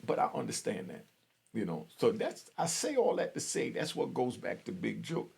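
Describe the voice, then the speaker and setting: A man's voice: mid-range voice, sing-song, normal speed, vocal fry, darkish tone, slightly rough. A man in his fifties from Jamaica giving blunt, streetwise warnings in a commentary vlog, outdoors on a street. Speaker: vlogger.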